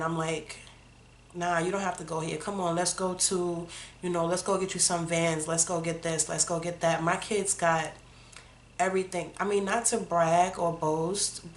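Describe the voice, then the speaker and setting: A woman's voice: deep voice, slight background noise. A woman in her thirties, a vlogger, telling her personal story in a candid, conversational way, full of fillers. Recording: roomy echo.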